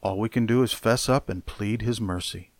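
A male pastor preaching a sermon with deliberate, emphatic phrasing and pointed pauses. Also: fairly low pitch, no echo.

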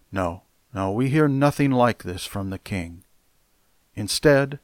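A male pastor delivers his sermon slowly and deliberately, leaning hard on key words. His voice sits low, and the sound is dry and close with no room around it. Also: animated, no room sound. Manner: deliberate, emphatic preaching.

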